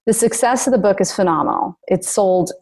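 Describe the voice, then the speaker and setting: A woman author speaking earnestly as a podcast guest, animated when retelling stories. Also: medium pitch, measured pace, breathy edge. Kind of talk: podcast interview.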